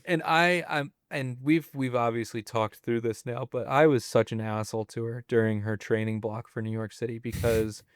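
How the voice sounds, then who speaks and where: Chill guy in his 20s yarning on a podcast, smooth voice, dry close sound, lots of likes and ums. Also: mid-range voice, moderate pace, few pauses, no room sound. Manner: relaxed, chatty, loose with fillers. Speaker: podcast guest. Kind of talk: casual interview storytelling.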